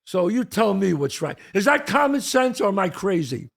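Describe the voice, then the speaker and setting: An older American man rants on his own show in a high, gravelly voice that swings widely up and down. He is emphatic and profane, hammering his points with rhetorical questions. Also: sing-song, moderate pace, a bit bright. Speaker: podcast host. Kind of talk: heated solo monologue.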